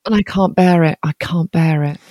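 A woman in casual podcast chat, expressive and quick to laugh. She has a slightly low voice. The sound is close and dry. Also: no room sound. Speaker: podcast co-host.

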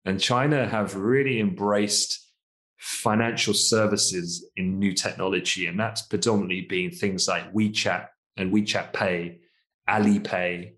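A UK man co-hosts a casual finance podcast in a deep, slightly bright voice with a steady tone and measured pace. He's chatty, laughs often, and hedges his points with asides.

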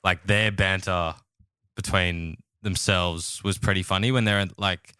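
Young man, low and bright, crisp dry voice, casual podcast chat. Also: a little slow, dry recording. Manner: animated, laughs often, says "like" a lot. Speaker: podcast host.

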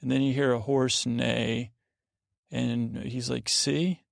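Gravelly man rambling through a bedtime retelling. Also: mid-range voice, flat delivery, takes it slowly, no room sound, studio quality. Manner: meandering, full of restarts and asides. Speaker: podcast host.

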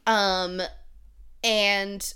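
A woman's voice: medium pitch, little pitch movement, very slow, bright, forceful tone, smooth. A woman co-hosting a podcast, casually recapping a book plot in a rambling way with lots of "um" and "like". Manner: rambling, full of "um" and "like". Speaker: podcast co-host.

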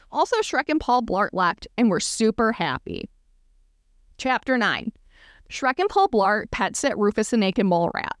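A woman's voice: mid-range voice, big pitch swings, a little slow, no room sound, clean studio sound. A woman podcast host reading fan fiction aloud for comedy, breaking off for self-aware asides.

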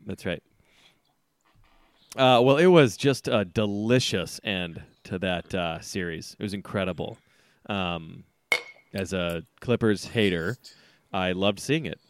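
Rambling low-voiced podcast guy. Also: slow, pauses often. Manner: rambling, teasing, laughs often. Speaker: podcast co-host. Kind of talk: casual sports banter.

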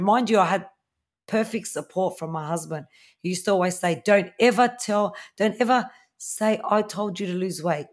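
A woman in her thirties with an Australian accent, a podcast guest candidly telling her own story in a conversational way. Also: on the low side. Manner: candid, conversational, with fillers and quoted dialogue. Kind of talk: personal storytelling interview.

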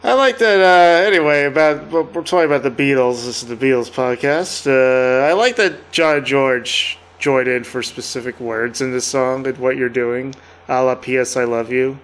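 A man's voice: mid-range voice, moderate pace, clear, resonant tone. A man co-hosting a podcast, talking in a loose, wry and joking casual chat. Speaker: podcast co-host.

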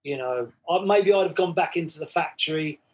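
A man's voice: on the high side, brisk, darkish tone. A man, chatting as a podcast guest and acting out both sides of old conversations. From England. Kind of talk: casual storytelling chat.

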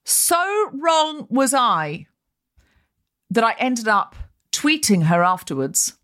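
Animated woman telling lively stories. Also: fairly high pitch, slow. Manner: animated storytelling, mimicking others in quotes. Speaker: podcast host. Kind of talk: casual comedic chat. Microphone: video call.

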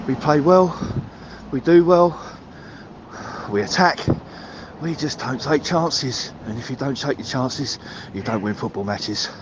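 A man's voice: mid-range voice, measured pace, dull audio, noisy background. A man leaving a voicemail, ranting and swearing about his football team. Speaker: caller. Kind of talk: voicemail rant.

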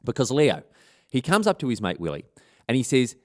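A man's voice: mid-range voice, huge pitch swings, a little fast. A man, hosting a history podcast and telling the story in a comic, irreverent, slangy and rambling way. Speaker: podcast host.

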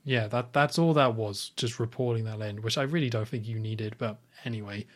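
A man's voice: fairly low pitch, a little fast. A man hosting a podcast, casually retelling film scenes at length, with lots of "like" and restarts. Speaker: podcast host. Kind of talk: casual film recap chat.

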